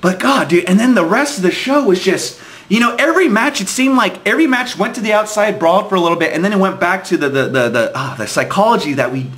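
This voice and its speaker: A man's voice: high voice, expressive, fast, a bit bright. A young man ranting angrily about a wrestling show, swearing constantly and restarting his sentences. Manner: angry, profane, repetitive restarts. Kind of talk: profane fan rant monologue.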